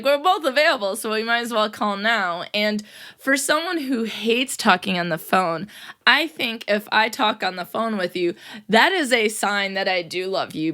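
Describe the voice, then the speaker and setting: Young adult woman, teacher-host of a chatty solo podcast, upbeat and quick to laugh. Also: mid-range voice, sharp tone. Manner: upbeat, laughs often, playful quoted voices. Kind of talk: casual solo podcast talk.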